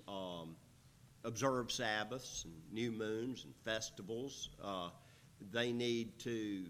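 A man teaching through scripture verse by verse in a conversational way, pausing with fillers, checking in with his listeners, and rising to emphatic reading when he quotes the text. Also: mid-range voice, fairly bright tone, slight background noise. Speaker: Bible teacher.

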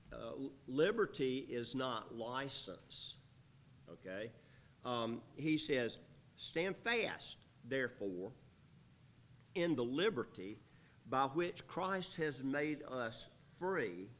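A man teaching the Bible at an unhurried pace, with a pitch that swings widely as he lifts his voice for quoted verses. He talks to his listeners conversationally, stopping to check they follow. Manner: conversational, rising to emphatic when reading scripture; frequent fillers and checking in with listeners.

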